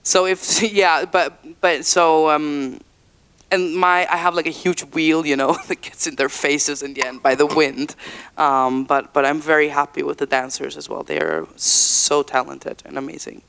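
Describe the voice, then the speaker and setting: A woman's voice: sits low, steady tone, measured pace, gravelly, a bit bright, smooth. A woman, talking candidly in a casual interview, full of fillers and acted-out quotes. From Faroe Islands. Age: 30s. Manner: chatty and candid, full of "like" and restarts, acts out quotes. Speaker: singer being interviewed. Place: event venue indoors.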